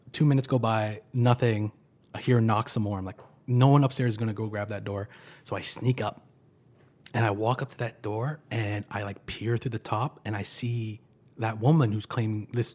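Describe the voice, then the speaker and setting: A man's voice: lowish voice, fairly even intonation, moderate pace, darkish tone. A man in his thirties, a podcast guest, telling a story in a laid-back, dryly humorous way. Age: 30s. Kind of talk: casual storytelling.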